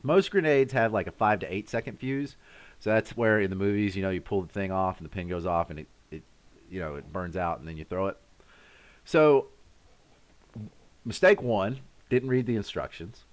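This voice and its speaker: A man in his thirties hosting a live stream, casually telling a story to his chat and acting out sounds and shouts along the way. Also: low-pitched, moderate pace. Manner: animated, acts out sounds and his own shouts.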